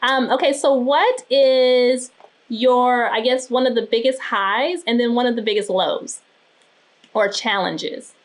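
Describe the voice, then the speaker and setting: Brief: woman host in her 30s, slightly high voice, eager interviewer. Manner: eager, full of quick reactions. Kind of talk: casual interview chat.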